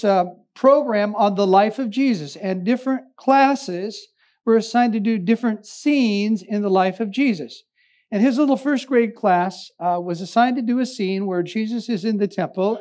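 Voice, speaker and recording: A man's voice: sits high, a little mellow. A man, a pastor, preaching a sermon with humorous storytelling and emphatic repetition.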